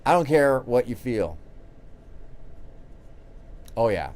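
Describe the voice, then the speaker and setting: Male call-in host, loose and jokey, very lively pitch. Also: slow. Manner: rambling, jokey, restarts often. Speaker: show host. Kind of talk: casual call-in show commentary.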